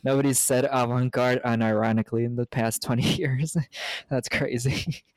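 A man's voice: medium pitch, steady tone, normal speed, clear, resonant tone, no room sound. A man from the United States co-hosting a casual movie podcast, rambling through the plot with jokes and frequent laughs. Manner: rambling, joking, laughs often. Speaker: podcast co-host. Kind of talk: casual movie recap chat.

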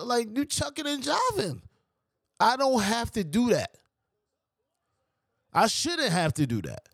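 A New man spins a story in a high, bouncing voice that swings all over the place. He is profane and animated, and he mimics the people in his tale. The sound is dry and close. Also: takes it slowly, pauses often, no echo. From New York. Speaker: podcast guest. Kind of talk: casual storytelling.

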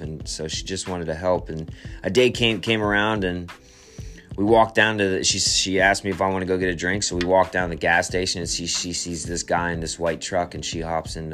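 A man with a deep, low voice shares a personal testimony. He speaks quietly and haltingly, stumbling over repeated words and restarting sentences as he searches for what to say. Faint music plays softly behind him. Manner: quiet, reflective storytelling.

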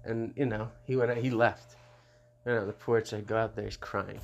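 Middle-aged man, low gravelly voice, blunt rambling show host, profane casual monologue. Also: fairly even intonation, fairly quick, slight background noise. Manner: rambling, blunt, laughs between remarks.

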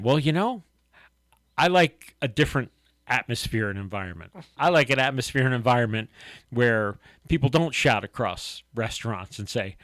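Animated middle-aged man, lively pitch. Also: moderate pace, dry recording. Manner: animated storyteller, acts out quotes. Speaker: co-host of a Christian talk podcast. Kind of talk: casual faith discussion.

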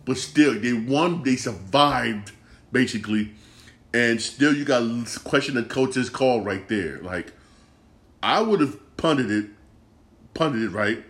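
A frustrated man talks through a football loss on his own sports podcast, swearing freely and circling back over the same points. His voice sits at an ordinary middle pitch, and his disgust stays plain the whole way. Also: expressive, slow pace, a bit bright. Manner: frustrated, swears often, repeats himself. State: upset and disgusted. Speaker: podcast host. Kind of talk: casual sports rant.

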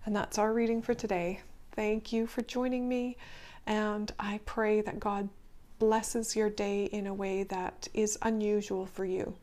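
A woman with a voice of ordinary pitch reads scripture aloud, unhurried and gentle. She is a devotional reader who finishes with a short blessing. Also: little pitch movement. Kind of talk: scripture reading with closing blessing.

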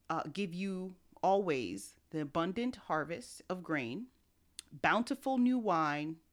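A woman co-hosting a podcast, casually retelling a Bible story and acting out the characters' lines in everyday slang. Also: low voice. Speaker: podcast co-host.

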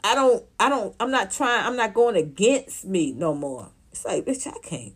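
A woman, ranting casually to her livestream viewers, profane and animated, often laughing. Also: mid-range voice, moderate pace, husky. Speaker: vlogger reacting to viewer comments.

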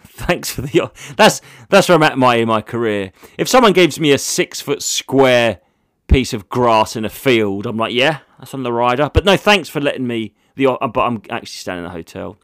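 A man's voice: medium pitch, lively intonation, normal speed, fairly bright tone, no room sound, clean studio sound. A man, a comedian hosting a casual solo podcast, rambling through jokey stories with plenty of swearing.

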